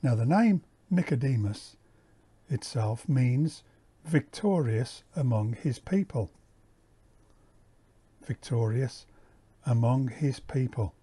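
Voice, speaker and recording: A man giving a measured Bible teaching, repeating key words and explaining the original Greek. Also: medium pitch, animated, mellow, slightly rough. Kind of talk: slow, deliberate Bible teaching.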